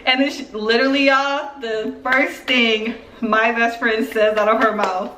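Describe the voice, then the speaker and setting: Young woman, high bright voice, chatty storytime vlog, roomy echo. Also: unhurried. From Philadelphia, US. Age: 20s. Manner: chatty, animated storytelling with frequent fillers. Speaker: YouTuber.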